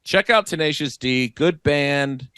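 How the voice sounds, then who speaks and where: A man's voice: fairly high pitch, measured pace, pushed and bright, smooth, no echo, studio quality. A man co-hosting a podcast in casual chat, jokey and profane, slipping into mock voices. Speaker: podcast co-host.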